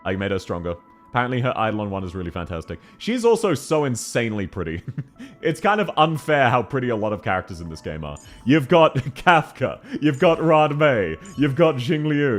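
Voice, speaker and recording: A man streaming a game live, chatting excitedly with viewers and giggling often. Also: mid-range voice, normal speed, faint music behind. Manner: excitable, giggly, reacts to chat messages.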